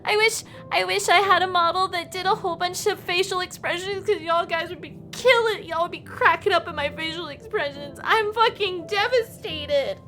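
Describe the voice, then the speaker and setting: High, emotional woman streaming a game. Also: moderate pace, hardly any pauses, a little hiss or hum. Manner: animated, emotional, loud outbursts. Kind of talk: live game stream reaction.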